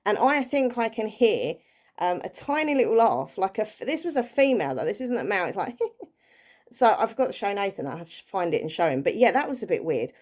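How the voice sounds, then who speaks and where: A woman recapping a ghost hunt in a casual vlog, chatty and excitable, with lots of fillers and restarts. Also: medium pitch, fairly quick. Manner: earnest and excitable. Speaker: paranormal vlogger.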